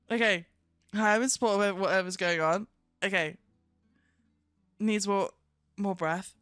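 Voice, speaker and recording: A young woman with a slight lisp chats on a live stream, quick, giggly and easily excited. Her voice is dry and close to the mic, with faint music behind. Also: medium pitch, dry recording. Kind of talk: casual live-stream chat.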